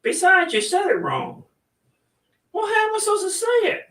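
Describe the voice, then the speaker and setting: Guy putting on a squeaky fussy barnyard chicken, echoey room, kinda far from the mic. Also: huge pitch swings, bright, forceful tone, exaggerated voice. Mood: indignant. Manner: squawky, indignant, quick back-and-forth. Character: bickering high-pitched farmyard chickens.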